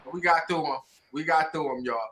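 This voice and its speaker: A man's voice: on the high side, a little fast, roomy sound, heavy background noise. A man hosting a livestream, talking loosely and profanely and laughing with friends in the room. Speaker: livestream host. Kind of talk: casual livestream chat.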